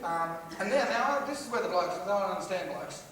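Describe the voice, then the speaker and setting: A man's voice: sits high, animated, a little fast, a bit bright, a little hiss or hum. An Australian man doing a live stand-up routine, rambling, swearing and mocking himself. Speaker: stand-up comedian. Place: large theatre hall on stage. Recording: echoey hall recording from far off. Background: audience laughter.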